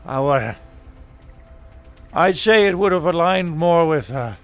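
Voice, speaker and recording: Male actor as a slow, meandering craftsman in a put-on British accent, voice a touch high, full of hesitations. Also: expressive, a bit bright, soft background music. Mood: musing. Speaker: role-play character. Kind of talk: live-streamed role-play.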